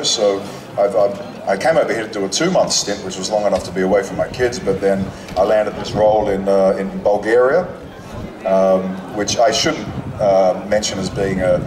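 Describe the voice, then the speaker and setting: A male actor on stage at a convention, telling stories to the audience in long, reflective sentences with restarts. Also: on the low side. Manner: thoughtful, speaks in long winding sentences with restarts. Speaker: actor guest at a convention panel. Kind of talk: reflective storytelling to a live audience. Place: stage at an outdoor convention in the sun. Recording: echoey, distant, with crowd noise. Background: crowd of fans.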